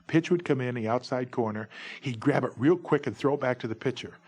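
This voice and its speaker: A husky-voiced man in his forties spins jokey tales from his days as a baseball umpire. His telling is lively, and his voice sits at an ordinary middle pitch. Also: a little fast. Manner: lively, jokey, breaks into shouted umpire calls. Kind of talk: humorous anecdotal storytelling.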